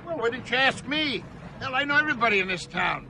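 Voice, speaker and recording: A man's voice: very high-pitched, lively intonation, quick pace, noisy background. An actor playing a cheerful, talkative older male cab driver who laughs often, heard as a film clip. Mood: jolly. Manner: laughing, garrulous, folksy. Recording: film clip with music underneath.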